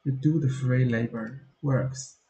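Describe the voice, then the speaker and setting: A tired, frustrated man with a Chinese accent mutters to himself in a slow, dark, flat voice. He talks unhurriedly while he works through a casual vlog. The voice sits in an echoey room. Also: mid-range voice, muffled recording. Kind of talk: casual screen-recording vlog.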